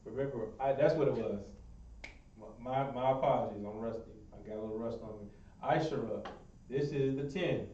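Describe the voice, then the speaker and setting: A man's voice: mid-range voice, brisk, dark tone, a little hiss or hum. Man teaching a class in an echoey room. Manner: encouraging, repeats praise. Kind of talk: Hebrew language class. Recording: echoey room, far mic, muffled.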